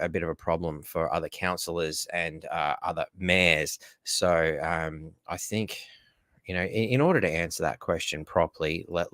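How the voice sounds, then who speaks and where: Deep-voiced Australian man hosting a live stream. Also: a bit bright, dry recording, studio quality. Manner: rambling, greets viewers by name. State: groggy from painkillers. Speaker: livestream host. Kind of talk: casual livestream chat.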